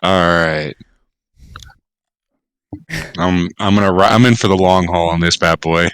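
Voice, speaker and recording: A man playing a tabletop game, eager and animated, laughing and filling talk with "like". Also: low-pitched, unhurried, clean tone, dry recording. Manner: eager, animated, laughs often, says "like" a lot. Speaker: player. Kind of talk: casual tabletop play.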